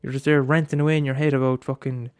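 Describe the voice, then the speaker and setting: A man's voice: mid-range voice, level tone, quick pace, a little mellow, clean tone, no echo, clean studio sound. A man in a rambling casual monologue, swearing often and restarting his sentences.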